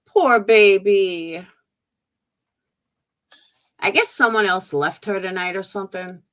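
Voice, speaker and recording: A woman's voice: medium pitch, fairly quick, bright, forceful tone. A woman streamer giving sarcastic, mocking commentary on clips.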